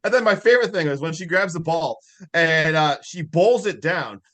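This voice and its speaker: A man's voice: fairly high pitch, expressive, normal speed, fairly bright tone. A man casually recapping a film as a podcast co-host, rambling with fillers and frequent laughs.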